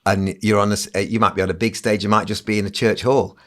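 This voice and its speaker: Animated older man telling stories. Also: on the low side, quick pace. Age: 60s. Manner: animated storyteller who acts out other people's lines. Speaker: children's entertainer and magician, podcast guest. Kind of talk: casual anecdote telling on a podcast.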